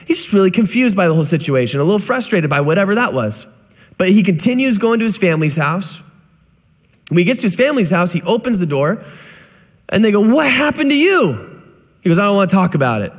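A young male pastor preaching with a high voice and lively delivery. He tells stories and acts out voices and sounds as he goes. His sermon carries a long reverb. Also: fast talker.

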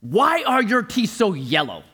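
A man voicing a loud, blunt little girl who repeats herself insistently. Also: wildly swooping pitch, husky, heavily acted. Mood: shrill, insistent. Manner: shrill, insistent, drawn-out repeats.

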